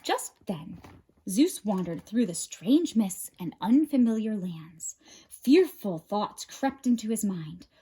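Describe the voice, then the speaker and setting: A woman librarian reading a picture book aloud with expressive, dramatic narration. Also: mid-range voice, slow pace, husky. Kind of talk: storybook read-aloud.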